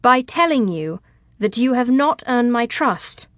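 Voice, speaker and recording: Woman as a defiant young bride, firm voice, slow delivery, dry close sound. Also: fairly high pitch, fairly bright tone, no room sound. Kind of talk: audiobook character voice.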